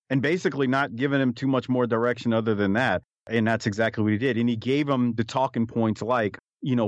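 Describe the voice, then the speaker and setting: A man's voice: on the low side, no echo. Male podcast co-host, chatty and conversational, dry and dull-sounding recording. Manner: chatty, thinks aloud. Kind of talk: casual conversation about old wrestling footage.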